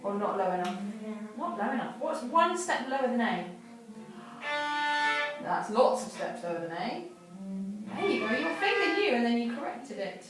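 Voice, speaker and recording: A woman teaches violin with a gentle, encouraging manner, her voice lively and lifting. She is heard from some distance in a very echoey room. Violin notes sound behind her. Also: fairly high pitch, over music. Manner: gentle and encouraging, asks questions slowly. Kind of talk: patient one-to-one lesson teaching.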